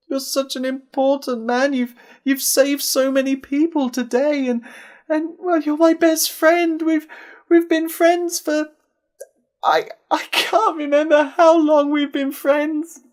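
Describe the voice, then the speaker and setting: A man's voice: very high-pitched, flat delivery, takes it slowly, voice pushed up. A storyteller voicing a grieving railwayman who stammers and pleads over his dying best friend. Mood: tearful pleading.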